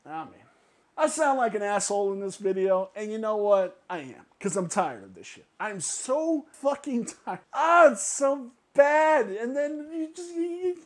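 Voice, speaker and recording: A woman's voice: high-pitched, expressive, normal speed. A woman hosting her own video channel, delivering an exasperated, swearing rant and hammering points home by repeating phrases. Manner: exasperated, swearing, laughs between jabs. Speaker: YouTube channel host. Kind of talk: ranting vlog commentary.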